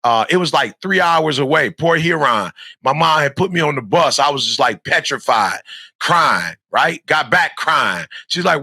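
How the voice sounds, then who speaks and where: A middle-aged man preaching motivation to kids, his voice pitched a little high with a gravelly, fry-laden edge. The tone is bright and forceful, and every point gets hammered home through repetition. He sounds close and dry, with no room around him. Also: expressive, moderate pace, no echo. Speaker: motivational speaker. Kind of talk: motivational talk to young students.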